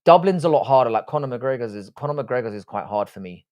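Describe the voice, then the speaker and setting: A man's voice: medium pitch, animated, quick pace, darkish tone. An Irish man hosting a live stream, chatting casually and reading out viewer comments, blunt and swearing freely with a self-deprecating edge. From Ireland. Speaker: livestream host.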